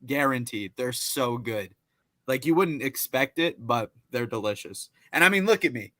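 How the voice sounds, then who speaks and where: A young man talks with real enthusiasm and lands his points with emphasis. His voice is bright and forceful. It is recorded close and dry. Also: medium pitch, lively intonation, moderate pace, no room sound. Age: young adult. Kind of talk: casual chat.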